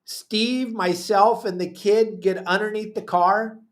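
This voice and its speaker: Socal guy spinning a yarn on his podcast, bit high voice, does everybody's lines. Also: takes it slowly. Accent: Southern Californian. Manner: animated, acts out quotes of others. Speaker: podcast host telling a story. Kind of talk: casual storytelling.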